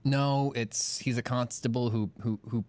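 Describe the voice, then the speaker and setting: A man's voice: medium pitch, steady tone, measured pace, darkish tone, natural voice. Man doing an earnest, hesitant talk-show guest. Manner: earnest, hesitant, full of fillers. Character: male wrestler guest explaining his character.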